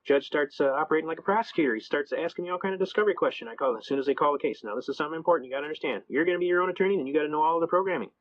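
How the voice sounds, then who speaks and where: A man with a somewhat high voice races through a folksy, colloquial lecture to his listeners. He drops double negatives and plain talk as he goes. The recording sounds dull and lo-fi. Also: lively intonation, racing, hardly any pauses. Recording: dull lo-fi audio.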